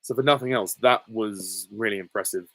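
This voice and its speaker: A man in his twenties answering viewer questions in a casual live Q&A, easygoing and hesitant with frequent ums and soft laughs. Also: lowish voice, normal speed, slightly rough, no room sound, poor audio. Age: 20s. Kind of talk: casual live Q&A reading chat comments.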